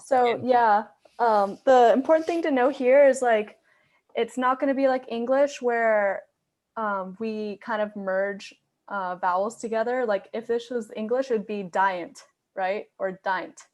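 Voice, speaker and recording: A woman's voice: on the high side, measured pace, a little mellow. A young woman co-teaches an online Spanish lesson over a video call. She explains each point carefully and often checks in with listeners by asking "right?". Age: young adult. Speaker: student Spanish tutor.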